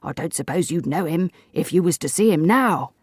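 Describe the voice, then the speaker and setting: A woman voicing a meek, wheedling working-class old sailor with rough grammar. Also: lowish voice, animated, normal speed, dry recording, studio quality. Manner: rough uneducated grammar, pleading.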